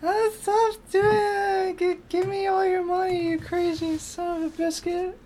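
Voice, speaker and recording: A man mimicking an exasperated, scolding person in a loud, high falsetto. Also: little pitch movement, unhurried, slight background noise.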